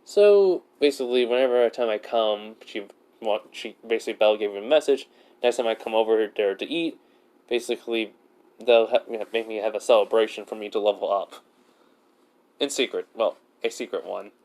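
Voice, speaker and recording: A man's voice: fairly low pitch, moderate pace, a little mellow. A man casually telling a self-insert fan story, rambling and saying "basically" over and over. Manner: rambling, says "basically" constantly.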